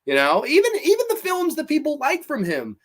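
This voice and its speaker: A man's voice: extremely high pitch, huge pitch swings, a little fast, a bit bright. A man hosting a live horror show, reading chat and ranting bluntly with profanity. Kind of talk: casual live-stream chat.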